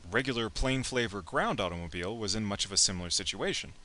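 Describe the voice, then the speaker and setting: Bright-voiced man giving a playful lecture. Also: on the low side, animated, fast. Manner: playful, joking asides, acts out imagined speakers. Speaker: teacher. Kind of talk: casual classroom lecture.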